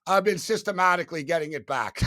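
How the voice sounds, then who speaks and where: Animated, swearing man telling betting stories. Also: fairly high pitch, no room sound, studio quality. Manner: animated, profane, swings loud and soft. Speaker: guest, sports betting media host. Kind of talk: casual interview storytelling.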